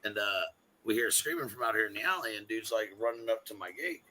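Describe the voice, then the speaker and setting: A man's voice: fairly low pitch, lively intonation, fast, bright, forceful tone, a little hiss or hum, low-quality recording. A man, a podcast guest, telling a rambling, profane anecdote in casual talk. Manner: swearing, rambling anecdote with acted-out quotes. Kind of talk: casual storytelling.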